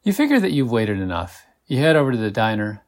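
A male podcast host reads an interactive adventure story aloud at a measured pace, slowing down whenever he addresses the listener. His medium-pitched voice is very animated.

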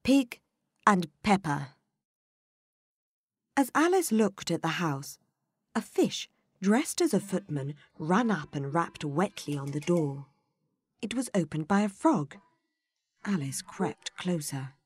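A woman narrating a children's storybook in an expressive, unhurried way. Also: lowish voice, husky, dry recording.

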